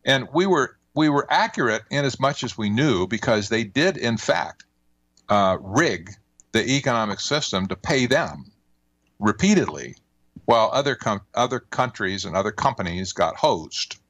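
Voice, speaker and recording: An older man talking as a guest author in a radio interview, measured and emphatic, with folksy turns of phrase. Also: medium pitch, animated, a bit bright, dry recording.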